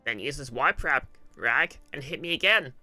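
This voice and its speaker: Guy putting on a nervous goblin chief, loud choppy broken talk, bright sharp voice, dry sound. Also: mid-range voice, animated, no room sound, soft background music. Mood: uneasy. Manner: loud, halting broken grammar. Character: anxious male goblin chief, broken speech. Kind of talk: video game voice acting.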